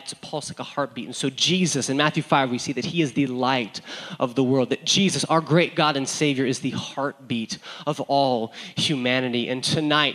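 A man from the San Diego area giving a sermon, telling stories with animated, self-deprecating energy and frequent restarts. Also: medium pitch, poor audio. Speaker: pastor. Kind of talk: sermon with personal storytelling.

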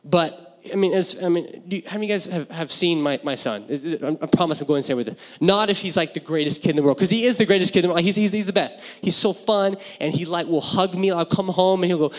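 A young man preaching with earnest candor, tripping over his own restarts before he builds to emphatic declarations. His voice sits a little high for a man, and it rings out with a long reverb through a church hall. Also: fast, hardly any pauses. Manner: earnest, candid, stumbling restarts, rising to emphatic. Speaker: pastor. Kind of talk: sermon.

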